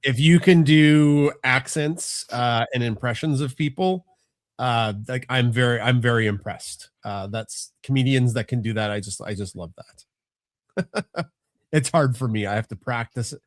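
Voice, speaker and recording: A man's voice: medium pitch, a little slow, no echo, clean studio sound. A middle-aged man, chatting casually on a family podcast, rambling and restarting often. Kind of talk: casual chat.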